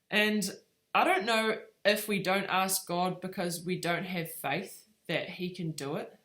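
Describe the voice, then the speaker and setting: A woman with a slightly low voice gives a relaxed devotional talk, speaking as a mother. She tells a family story with plenty of ums and uhs. The tone stays informal and conversational.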